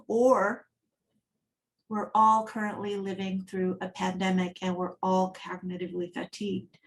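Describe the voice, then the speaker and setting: A woman's voice: mid-range voice, a little hiss or hum. A woman giving an accessibility talk at a design meetup, speaking in a conversational, storytelling manner. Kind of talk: conference talk.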